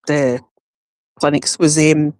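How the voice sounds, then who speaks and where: A Scottish woman with a Glasgow accent chatting casually on a livestream, rambling through quick stories and laughing often. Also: sits low, little pitch movement, darkish tone, dry recording, clean studio sound. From Scotland. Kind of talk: casual chat.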